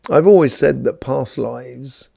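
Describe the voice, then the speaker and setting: Gravelly, mellow man, rambling chat. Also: mid-range voice, a little slow, no echo, clean studio sound. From London, England. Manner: rambling, chatty, greets viewers by name, many fillers. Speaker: host of a live Q&A stream. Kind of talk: casual spiritual talk answering viewers.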